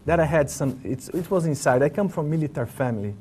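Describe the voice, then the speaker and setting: Italian-accented man, halting speech. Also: on the high side, expressive, mellow, husky. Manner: halting, searching for English words with many restarts. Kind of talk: casual reminiscing conversation.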